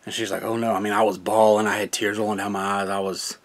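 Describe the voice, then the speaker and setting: A man's voice: lowish voice, level tone, quick pace. Earnest man rambling through a testimony. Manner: earnest, rambling, laughs often. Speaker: gaming channel host. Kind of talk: casual personal testimony.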